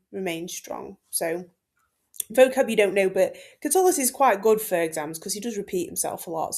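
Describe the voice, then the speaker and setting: A woman's voice: mid-range voice, darkish tone. Chatty young woman teaching a lesson. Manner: chatty, many ums and likes, informal asides. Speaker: Latin teacher. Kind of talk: casual exam-focused lesson walkthrough.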